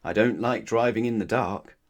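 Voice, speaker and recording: A man's voice: on the low side, moderate pace, close to an everyday voice. A man voicing a polite, curious little storybook man who asks many questions.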